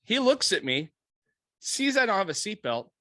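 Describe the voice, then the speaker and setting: A man's voice: high voice, big pitch swings, moderate pace, sharp tone, no echo. A man co-hosting a podcast, telling a story in a casual, profane way, laughing often and acting out the people in it. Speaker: podcast co-host. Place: podcast studio room.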